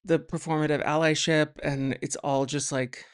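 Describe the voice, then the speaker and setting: A guest on a casual podcast interview, speaking haltingly with many restarts and wry, deadpan humor. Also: medium pitch, clear, resonant tone. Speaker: podcast guest, writer and psychotherapist.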